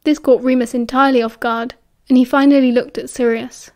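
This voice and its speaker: High, mellow British woman narrating. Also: little pitch movement, a little fast. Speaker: audiobook narrator. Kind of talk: audiobook narration.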